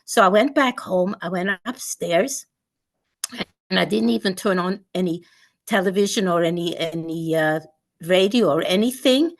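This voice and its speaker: A woman's voice: lowish voice, moderate pace. A woman in her eighties from Sweden, a guest speaker telling a personal story vividly, with repetitions and restarts.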